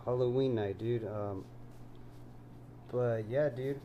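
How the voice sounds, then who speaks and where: A man's voice: medium pitch, slow, highs cut off, a little hiss or hum. A man co-hosting a podcast, chatting casually about a movie in a laid-back way and saying "dude" a lot. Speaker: podcast co-host. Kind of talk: casual movie review chat.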